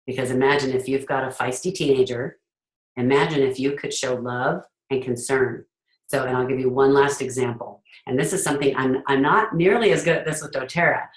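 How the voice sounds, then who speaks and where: A woman's voice: very deep voice, a little fast. A middle-aged woman host talking casually and earnestly about leadership, sometimes acting out what parents say. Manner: earnest, acts out parents' voices. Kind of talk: casual talk to an audience. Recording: echoey room.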